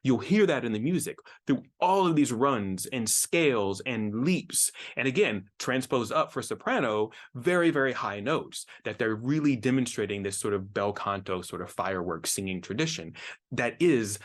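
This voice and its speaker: A man's voice: mid-range voice, animated, normal speed. A middle-aged man, a music professor, giving an enthusiastic explanatory lecture, often repeating words as he thinks. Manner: enthusiastic, repeats words while thinking, sings short snippets.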